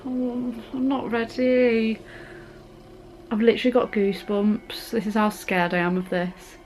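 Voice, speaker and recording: A woman's voice: a little high, little pitch movement, measured pace, darkish tone, a little hiss or hum, low-quality recording. A young woman talking through a scary film as a vlogger, gasping, squealing and chatting in a casual reaction vlog.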